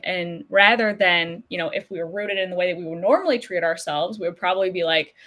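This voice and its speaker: A woman co-hosting a wellness podcast, talking in a relaxed, chatty way with plenty of affirming fillers. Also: fairly low pitch, brisk, few pauses. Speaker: podcast co-host. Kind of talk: casual podcast conversation.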